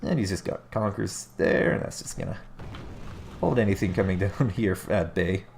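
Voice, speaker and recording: A man's voice: deep voice, normal speed, creaky, darkish tone, slight background noise. A man casually casting a strategy game replay, stuffy and nasal from allergies, musing aloud and correcting himself as he talks. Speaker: game caster. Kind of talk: live play-by-play commentary on a strategy game replay.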